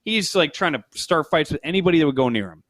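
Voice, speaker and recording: A man's voice: on the high side, animated, fast, a bit bright, no echo. Rambling, laughing male podcast storyteller. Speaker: podcast co-host. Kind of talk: casual storytelling.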